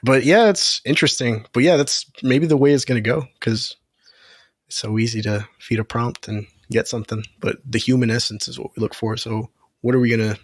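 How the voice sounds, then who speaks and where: A man's voice: mid-range voice, brisk, slightly rough, dry recording, studio quality. A man co-hosting a podcast in casual chat, easygoing and agreeable as he tells a story. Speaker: podcast co-host.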